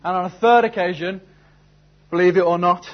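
A man's voice: sits high, fairly even intonation, moderate pace, lo-fi sound. A man preaching a sermon, telling a story and then asking earnest, searching questions. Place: church service.

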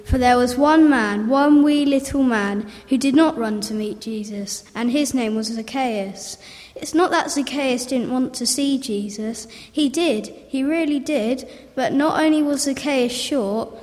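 Woman storyteller, higher voice, long hall reverb, lively reading. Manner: lively, repetitive storybook phrasing.

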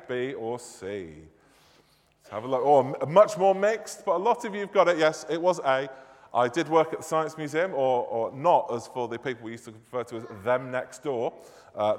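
Jokey Mancunian man in a reverberant church. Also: medium pitch. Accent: Northern English, Mancunian. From Manchester, England. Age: 30s. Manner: jokey, self-deprecating, chatty with the congregation. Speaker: church minister. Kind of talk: playful quiz at a church service. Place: church hall or nave.

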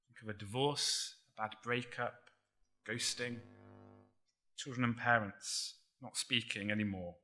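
A man preaching a sermon in a measured, emphatic way, dropping almost to a murmur on key words. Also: on the low side, pushed and bright.

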